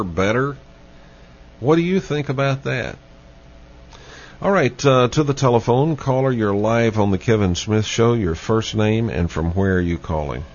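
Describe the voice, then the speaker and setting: A man hosting a late-night call-in radio show, speaking deliberately and repeating his questions to listeners. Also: on the low side. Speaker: radio talk show host. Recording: muffled lo-fi radio broadcast with faint hiss.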